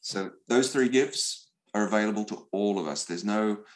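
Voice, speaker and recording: A middle-aged man speaking as an interview guest, telling stories in an animated way, often repeating words as he goes. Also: lowish voice, moderate pace, faint music behind, poor audio. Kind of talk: conversational storytelling.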